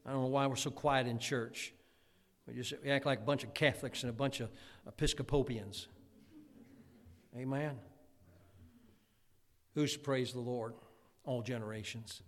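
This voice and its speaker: A man preaching a sermon in a folksy, animated way, acting out quotes from his congregation. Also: medium pitch. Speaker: pastor. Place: church sanctuary. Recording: long church reverb.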